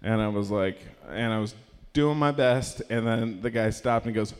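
A stand-up comedian with a lowish, somewhat mellow and smooth voice speaks at a normal pace in a large hall. At this live comedy showcase he rambles through a story thick with fillers, cracking himself up along the way.

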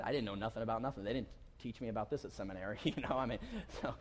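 A man's voice: fairly low pitch, racing. A pastor giving a sermon in a conversational, storytelling way, often chuckling as he talks. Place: church hall. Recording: long reverb of a hall.

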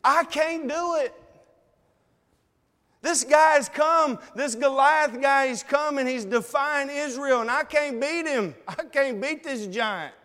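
A man preaching a sermon in a church, in a folksy, conversational way with dramatic pauses. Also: very high-pitched, a bit bright. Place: church sanctuary. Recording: long reverb in a hall.

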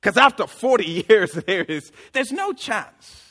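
A male pastor delivers a sermon in a high, bright, forward voice. His pitch leaps and dips constantly, and he mixes jokes with sudden loud bursts. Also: a little slow. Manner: animated, joking preaching with sudden loud outbursts.

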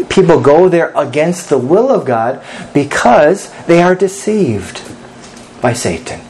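A man's voice: fairly high pitch, a little mellow, a little hiss or hum, poor audio. A man preaching an earnest sermon as pastor, reading scripture aloud and pressing his points with rising emphasis.

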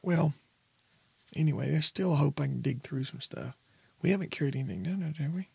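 A man's voice: on the high side, a little fast, creaky, darkish tone, husky, dry recording. A man co-hosting a podcast in casual chat, easygoing and self-deprecating. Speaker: podcast co-host.

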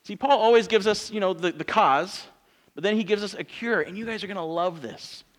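A man's voice: high-pitched, fairly quick. A man in his thirties, a pastor preaching a sermon in church in a conversational, joking way, asking his congregation rhetorical questions.

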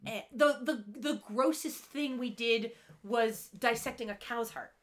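A woman co-hosting a casual podcast, retelling a TV episode in a wry, profane, animated way. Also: fairly high pitch, unhurried. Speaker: podcast co-host recapping a TV episode. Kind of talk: casual chat.

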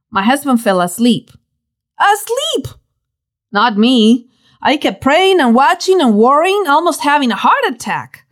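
A woman reading her own devotional book aloud, telling stories with dramatic, preacherly emphasis. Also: fairly high pitch.

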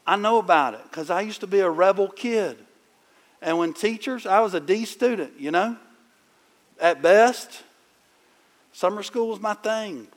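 A middle-aged man preaching in a conversational, animated storytelling way, with sudden loud bursts. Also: high voice. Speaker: pastor. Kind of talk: sermon.

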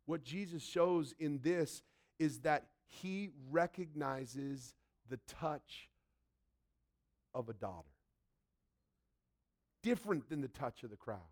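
Emphatic high-voiced male preacher. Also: slow pace, long pauses. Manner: emphatic, swings between loud and soft; acts out quotes from the story. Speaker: pastor. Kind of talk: sermon.

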